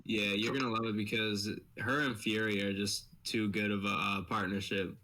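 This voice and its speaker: A man's voice: fairly low pitch, level tone, moderate pace, bright, forceful tone, distant mic, rough recording. A young man co-hosting a podcast, chatting enthusiastically and laughing often. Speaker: podcast co-host. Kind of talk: casual chat.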